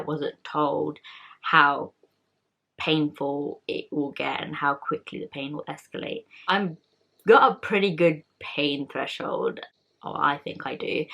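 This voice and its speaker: A woman's voice: sits low, vocal fry, a bit bright. A young woman vlogger in casual chat, talking candidly and rambling with many fillers and restarts.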